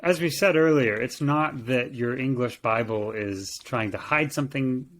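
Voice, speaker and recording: A man's voice: medium pitch, normal speed. A man co-hosting a conversational Bible lesson, thoughtful and given to restarts and repeated words. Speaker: co-host, teacher.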